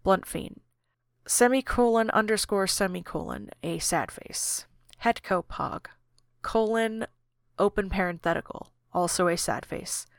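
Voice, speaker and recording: A woman narrating a podcast, reading a chat log aloud in a deadpan way, usernames and emoticons included. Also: mid-range voice, measured pace, creaky, no room sound, studio quality.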